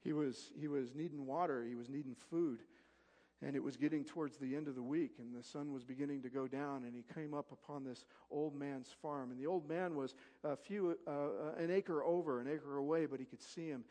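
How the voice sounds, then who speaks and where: Emphatic preacher in a reverberant hall. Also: male voice, medium pitch, a little fast. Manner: swings from loud emphatic peaks to soft storytelling. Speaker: pastor. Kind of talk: sermon. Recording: long reverb of a large hall.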